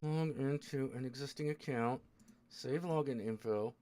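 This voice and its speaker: A man's voice: medium pitch, unhurried, mellow. A man hosting a live stream, muttering and swearing in frustration as he struggles with apps. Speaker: streamer host. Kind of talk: casual live-stream chat.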